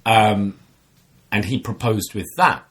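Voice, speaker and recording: A man's voice: slow pace, husky. A man casually telling a long story in a chat, rambling with lots of fillers and acting out other people's voices. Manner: animated storyteller, acts out quoted voices with big pitch jumps. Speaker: podcast co-host telling a bar story.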